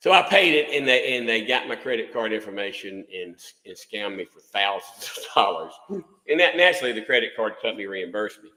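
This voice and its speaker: A man's voice: fairly low pitch, big pitch swings, brisk, pushed and bright, roomy sound, big-room sound, rough recording. A man, hosting a casual livestream and rambling in a folksy way, often repeating words. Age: 60s. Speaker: livestream host, music instructor.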